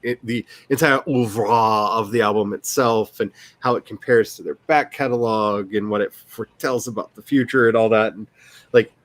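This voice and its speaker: A man's voice: on the low side, steady tone, moderate pace, dry recording. A man hosting a casual livestream as an author, rambling and self-deprecating, who laughs often and restarts his sentences.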